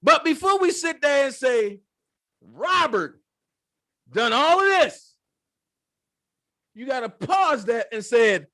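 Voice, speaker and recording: A man with a very high, bright, forceful voice rants through a profane commentary stream. He sounds close to the mic in a dry room with no echo. He breaks into loud outbursts and mocking impressions. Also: very animated, slow, long pauses. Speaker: political commentary channel host.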